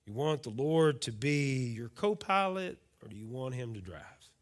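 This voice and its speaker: A male pastor preaching a sermon, folksy and full of questions to the congregation, swinging from loud declarations to hushed, quiet lines. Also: mid-range voice, expressive, a little slow.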